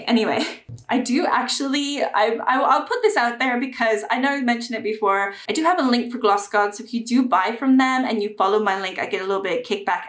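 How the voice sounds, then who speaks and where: A woman's voice: fairly high pitch, reverberant. A woman reviewing and ranking makeup palettes in a casual chat to camera, chatty and prone to gushing. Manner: chatty, gushing, bursts of excitement. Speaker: beauty YouTuber.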